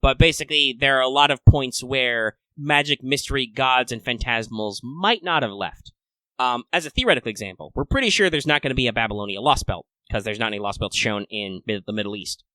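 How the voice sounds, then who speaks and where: A man with a bright, forward voice co-hosts a casual fan podcast. He talks in a chatty, playful way, breaking into excited little asides. The sound is dry and close, with no room around it. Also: medium pitch, fairly quick, dry recording. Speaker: podcast co-host.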